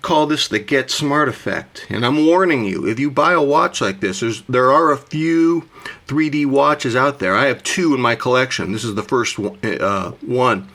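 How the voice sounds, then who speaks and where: A man in a casual vlog monologue, his voice still rough from the morning. He talks in a theatrical, gushing way and keeps addressing himself mid-thought. His pitch sits right in the middle for a man. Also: a bit bright. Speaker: watch collector vlogger.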